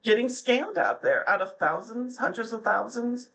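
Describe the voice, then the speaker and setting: A woman's voice: on the high side, expressive, normal speed, vocal fry, fairly bright tone, rough recording. A middle-aged woman, a podcast guest, chatting casually and telling stories, often slipping into the voices of the people she quotes. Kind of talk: casual interview chat.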